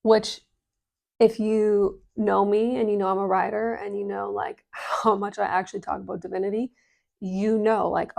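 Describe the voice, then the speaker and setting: A woman talking casually as a business coach, energetic and full of fillers, swearing now and then. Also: medium pitch, moderate pace, gravelly. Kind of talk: casual explainer vlog.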